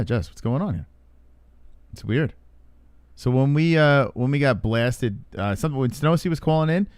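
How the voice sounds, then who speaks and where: Excitable man hosting a stream. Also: fairly low pitch, no echo. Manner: excitable, swears casually. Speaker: stream host. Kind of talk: casual chat on a live stream.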